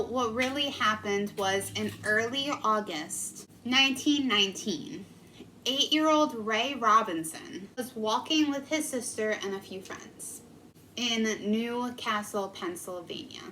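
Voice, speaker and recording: A woman's voice: fairly high pitch, sharp tone, a little hiss or hum, poor audio. A young woman in her twenties, a vlogger telling a local legend in a casual, earnest and emotional way. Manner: earnest, emotional, filler-heavy. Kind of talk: casual storytelling.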